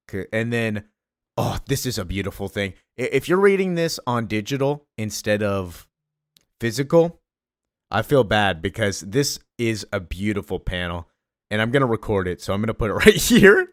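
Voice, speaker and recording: A man recapping a comic issue in an excited, gushing way, briefly reading the characters' lines in slightly changed voices. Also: on the low side, moderate pace, dry recording, clean studio sound. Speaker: comic book reviewer.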